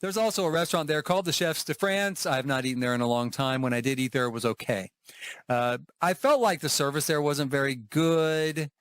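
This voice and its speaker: A man's voice: a little high, a little fast, a bit bright, clear, resonant tone, no room sound. A man from Oklahoma, casually reviewing theme park food and shops on a travel vlog, chatty and rambling with asides. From Oklahoma, USA. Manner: chatty and rambling, with frequent asides, restarts and laughs. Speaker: travel vlogger.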